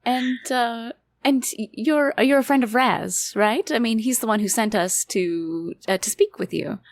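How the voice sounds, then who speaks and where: A woman's voice: a little high, a little slow, no room sound, clean studio sound. A woman playing a tabletop game, inquisitive and giggly, with hesitant starts. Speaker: player. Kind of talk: casual chat at a tabletop game.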